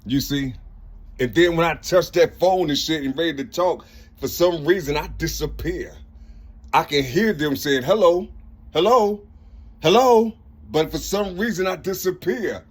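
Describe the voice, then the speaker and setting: Older guy rambling on camera, husky, keeps saying you see, swears a lot. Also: fairly high pitch, normal speed. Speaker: vlogger. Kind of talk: casual monologue to camera.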